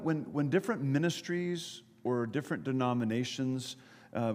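A man's voice: medium pitch, darkish tone. Man preaching conversationally in an echoey church. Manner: conversational preaching with repeated words and audience asides. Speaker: pastor. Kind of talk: sermon. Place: church sanctuary.

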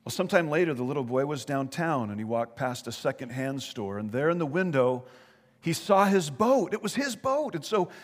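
A man's voice: on the high side, sing-song, normal speed. A man preaching a sermon as pastor, telling a story with earnest, emphatic rises in his voice. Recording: long hall reverb.

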